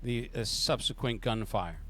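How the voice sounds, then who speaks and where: A man running a tabletop game as game master, narrating in a loose, improvised, halting way. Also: medium pitch, fairly bright tone, a little hiss or hum.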